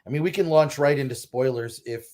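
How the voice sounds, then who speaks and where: A man's voice: medium pitch, a little fast, a little mellow. A man appearing as a guest critic, giving blunt, considered film opinions in casual panel talk. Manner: blunt, critical, thoughtful with restarts.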